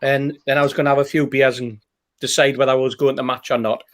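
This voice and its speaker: A man's voice: mid-range voice, little pitch movement, fast talker, a bit bright. A man, telling a rambling, anecdotal story in casual chat as a podcast host. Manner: rambling, anecdotal, with fillers and repeats.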